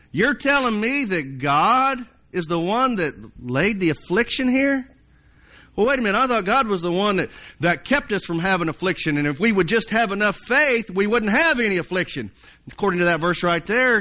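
A man's voice: sits high, pushed and bright. A man preaching a sermon, folksy and storytelling, sometimes acting out panicked voices. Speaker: pastor.

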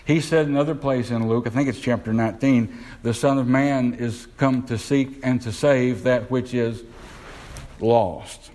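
Male preacher, mid-pitched voice, questioning sermon delivery. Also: fairly even intonation, darkish tone, low-quality recording. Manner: asks the congregation questions, slows down to stress words.

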